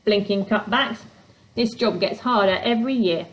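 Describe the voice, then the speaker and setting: A woman's voice: mid-range voice, normal speed, close to an everyday voice, poor audio. A woman voicing a grumpy, snappish, short old male creature in a storybook reading. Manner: snappish, grumbling, impatient.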